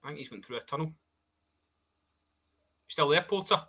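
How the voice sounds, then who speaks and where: A man hosting a football phone-in podcast, briskly passing the talk between guests and callers. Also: on the high side, expressive, bright, forceful tone, slightly rough. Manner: brisk, steers the conversation. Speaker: podcast host.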